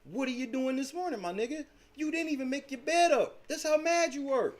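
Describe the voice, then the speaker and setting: A high-pitched man hosting a livestream, tearing into a rival with profane taunts. His voice jumps around a lot as he mocks and lectures. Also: animated, brisk. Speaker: livestream host. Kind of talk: heated livestream argument.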